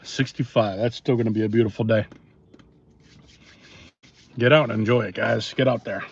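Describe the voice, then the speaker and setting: A man chatting casually with viewers on a live stream, relaxed and rambling, with many pauses and fillers, recorded on a phone outdoors. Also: fairly low pitch, slightly rough. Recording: dull lo-fi phone audio, faint noise.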